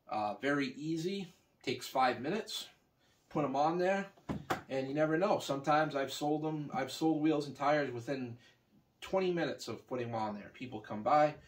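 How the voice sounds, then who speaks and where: A man's voice: mid-range voice, recorded from a distance. A man from Canada who sells junk vehicles and scrap, telling a long story in a meandering, casual way full of "you know" and restarts. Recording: voice a bit off-mic.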